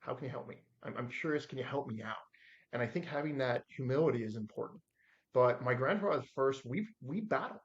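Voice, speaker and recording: A man in his forties telling stories as a podcast guest, acting out the quotes with lively shifts in voice. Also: mid-range voice, brisk, lo-fi sound. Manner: animated storyteller acting out his own quotes. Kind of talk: storytelling in a podcast interview.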